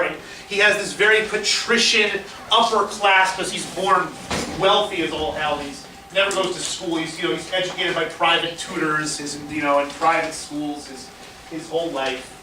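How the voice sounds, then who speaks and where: High-voiced guy giving a history lecture, bright sound, recorded from a ways off in an echoey room. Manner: animated storytelling with fillers, acts out quotes. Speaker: history teacher. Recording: roomy echo, distant mic, faint hiss.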